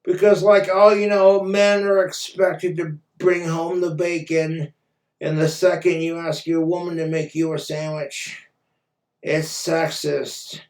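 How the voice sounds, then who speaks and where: A man rants into the camera, blunt and crude, swearing freely. His voice sits a little high for a man. It echoes around the room and sounds set back from the mic. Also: level tone, takes it slowly, a little mellow. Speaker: vlogger. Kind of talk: profane casual rant. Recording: roomy echo, far from mic.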